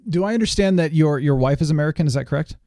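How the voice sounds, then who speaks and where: A man's voice: fairly high pitch, very fast, dark tone, no echo, studio quality. A man hosting a podcast interview in a casual, upbeat and enthusiastic way, laughing often. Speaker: podcast host.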